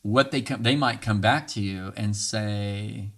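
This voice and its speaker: A man with a fairly low voice talks listeners through a podcast monologue in an earnest, coaching way. He keeps checking in with a quick "right?" and lets out small chuckles between his points. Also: fairly bright tone. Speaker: podcast host.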